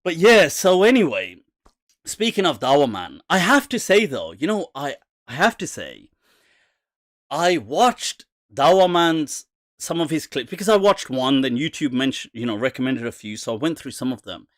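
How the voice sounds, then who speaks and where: A man hosting a casual live Q&A, animated and mocking, laughing often. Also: fairly high pitch, normal speed, no room sound, clean studio sound. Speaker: host.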